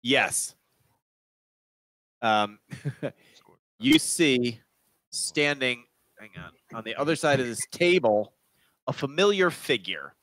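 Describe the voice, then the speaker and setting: A man running a tabletop game over a video call, narrating in a halting way with many restarts. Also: mid-range voice, lively intonation, fairly bright tone, dry recording. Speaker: game master. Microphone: video call mic.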